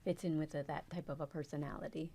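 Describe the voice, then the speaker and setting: A woman talks quickly and chattily as a podcast guest in a book chat. Her voice sits a little low, and she laughs easily. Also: steady tone, dark tone. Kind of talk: casual book club chat.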